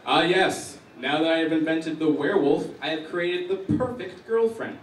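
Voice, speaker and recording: Grandiose mad scientist put on by a man, pompous male inventor, raised pitch, echoey hall, distant mic. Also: normal speed, a little hiss or hum, close to an everyday voice. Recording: roomy hall, mic heard from afar.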